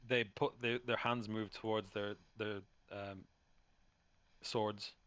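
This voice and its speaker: Halting low-voiced male game master. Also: little pitch movement, a bit bright, no echo. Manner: halting, full of ums and restarts. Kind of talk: narrating a tabletop game.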